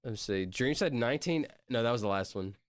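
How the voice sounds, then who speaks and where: This Southern United States streamer talks fairly quickly with a lively pitch, reacting to videos in casual commentary. Excitable and rambling, he breaks into sudden shouted outbursts, and there's background noise behind him.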